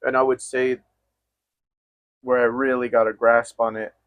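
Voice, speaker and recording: Young man, podcast guest, mid-pitched, thoughtful and measured, dry close mic. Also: flat delivery, a bit bright, dry recording. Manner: reflective, measured, thinks aloud with fillers. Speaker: guest, host's best friend. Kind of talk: candid chat between friends.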